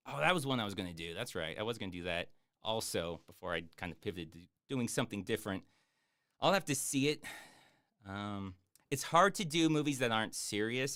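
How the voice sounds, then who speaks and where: Low-voiced man rambling through a live stream. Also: clean tone. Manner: rambling, jokey, deadpan boasts; hesitant with many fillers. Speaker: YouTube streamer answering chat. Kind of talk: casual live-stream chat.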